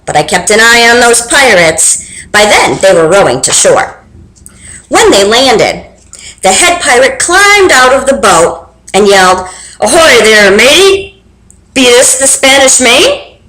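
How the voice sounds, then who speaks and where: A young woman reading a children's book aloud with expressive, animated storytelling. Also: fairly high pitch, a little slow. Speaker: reader. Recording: roomy echo.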